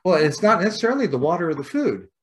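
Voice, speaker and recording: A man's voice: a little high, big pitch swings, quick pace. Reflective, philosophical man in conversation. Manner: reflective and philosophical, repeats words, coins terms.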